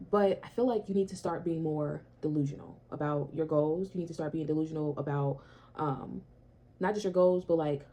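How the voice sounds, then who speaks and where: A woman's voice: low voice, mellow. A young woman chatting casually to camera in her small apartment, repeating herself and swearing now and then. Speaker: vlogger.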